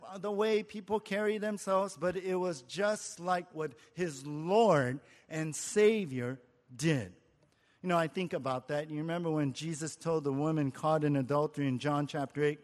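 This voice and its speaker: A pastor with a high male voice preaches an expository sermon, earnest and conversational, tossing rhetorical questions to his listeners. A long hall reverb trails his voice.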